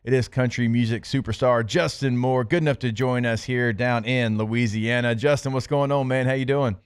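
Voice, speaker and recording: An upbeat man hosting a sports talk radio show from a studio, his voice smooth and resonant. The sound is dry and close, and he chats quickly with plenty of fillers. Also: medium pitch, steady tone, no room sound. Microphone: studio microphone.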